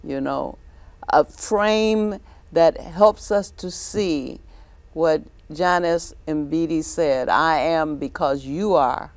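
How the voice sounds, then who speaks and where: A woman hosting a talk show, speaking deliberately as she quotes and clarifies points. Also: low-pitched, dry recording. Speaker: host.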